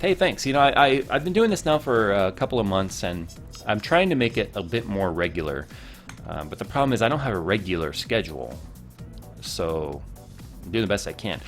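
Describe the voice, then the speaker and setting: A man's voice: lowish voice, expressive, a little fast, soft background music. Chatty man hosting a tech live stream. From Massachusetts, United States. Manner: chatty and rambling, with frequent fillers, reading viewer comments aloud. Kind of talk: casual live-stream chat.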